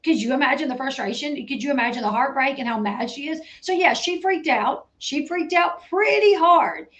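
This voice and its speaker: High-voiced woman reacting to a show clip. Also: normal speed. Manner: animated, talks over clips with lots of "like". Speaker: commentary channel host.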